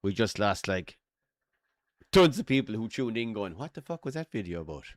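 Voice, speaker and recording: Animated swearing Irish storyteller. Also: male voice, lowish voice, normal speed, a little hiss or hum. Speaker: watchalong co-host. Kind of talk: casual pub storytelling and golf chat.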